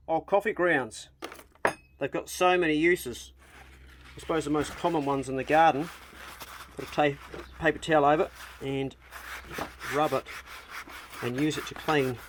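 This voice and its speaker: A man's voice: fairly high pitch, slight background noise. A middle-aged New Zealand man with a New Zealand accent, chatting casually and bluntly while filming his farm chores on a handheld phone outdoors. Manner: laid-back, chatty, blunt and joking. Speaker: vlogger. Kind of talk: casual rural vlog narration. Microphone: handheld phone or camera.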